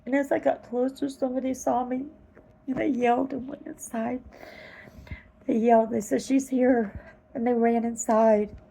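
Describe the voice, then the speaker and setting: A woman earnestly retelling a vivid dream in a slow, halting way, close to tears at times. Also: fairly high pitch, level tone, vocal fry, warm tone, husky, rough recording. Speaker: vlogger telling a dream. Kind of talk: personal storytelling.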